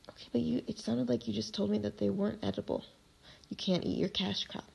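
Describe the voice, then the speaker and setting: A woman co-hosting a casual history podcast with a gravelly, husky voice, teasing and laughing often. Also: medium pitch, steady tone, fast talker, darkish tone. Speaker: podcast co-host.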